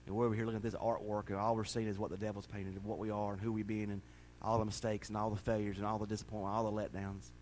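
A man preaching a sermon as pastor, folksy and conversational, then building to shouted, drawn-out preaching. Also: fairly low pitch, level tone, a little hiss or hum.

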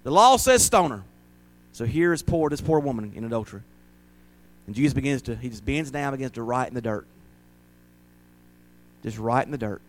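A man preaching in church in a folksy, homespun way, talking to the congregation like neighbors. He has a mid-range voice and climbs into loud, high, dramatic shouting when he retells a story. His tone moves between quiet and booming. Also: fairly quick, long pauses. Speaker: pastor. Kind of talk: sermon.

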